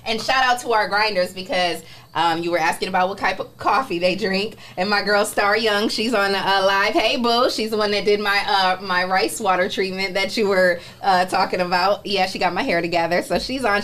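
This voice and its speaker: A woman's voice: medium pitch, fairly even intonation, moderate pace, fairly bright tone. A woman co-hosting a morning show in a studio, chatting casually and often laughing through her stories. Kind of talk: casual chat.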